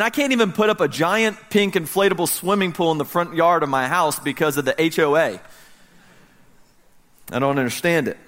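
A US pastor in his thirties with a fairly high-pitched voice preaches, relating a story in a lively way. His delivery moves back and forth between loud and hushed.

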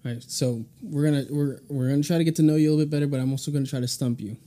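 A man hosting a podcast, firing quick questions at a guest and laughing often between them. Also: fairly high pitch, fairly even intonation, warm tone. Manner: laughs often, stumbles and restarts. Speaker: podcast host. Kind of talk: casual rapid-fire questions.

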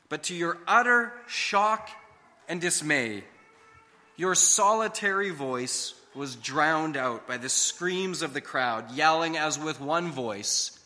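Male storyteller, high and bright, slow dramatic second-person narration, heard with a long hall reverb. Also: expressive. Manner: slow, emphatic, dramatic delivery.

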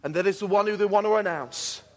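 A man's voice: high voice, fast, fairly bright tone. A man preaching a sermon as pastor, earnest and repetitive, building to fervent declarations. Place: church hall. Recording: long hall reverb.

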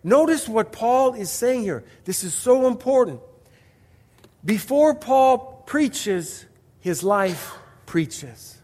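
A male pastor with a high voice preaching with emphasis, leaning on rhetorical questions and personal stories. His voice rings out under a long hall reverb. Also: lively intonation, slow, a little mellow. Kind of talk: sermon.

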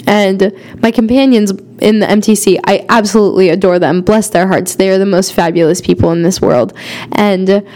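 A young woman recounts a personal faith story in a loose, conversational way, sprinkling in fillers as she goes. Her voice sits at an ordinary middle pitch, earnest and openly emotional. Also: steady tone, normal speed, a little mellow. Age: young adult. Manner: chatty, many fillers and "like". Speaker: podcast host.

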